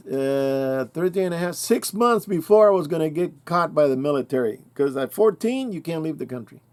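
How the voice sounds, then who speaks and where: Older man, 60s, mellow and relaxed tone; casual rambling storyteller who restarts his sentences. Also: fairly high pitch. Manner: rambling, self-correcting, colloquial. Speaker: channel host.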